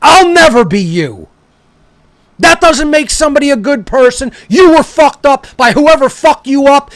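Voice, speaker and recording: High-voiced man ranting and berating. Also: normal speed, dry recording. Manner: aggressive, berating, swearing constantly. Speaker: speaker. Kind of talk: profane ranting monologue.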